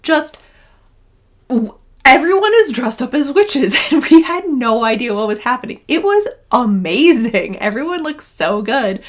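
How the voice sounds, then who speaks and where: A woman's voice: high-pitched, very animated, measured pace. A young woman chatting casually in her knitting vlog, gushing and rambling with restarts. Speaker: knitting vlogger and yarn dyer.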